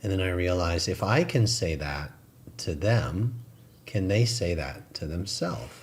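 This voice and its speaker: A man with a very deep voice co-hosts a spiritual talk show. He talks in a reflective, coaching way, like a gentle preacher. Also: lively intonation, unhurried. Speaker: co-host.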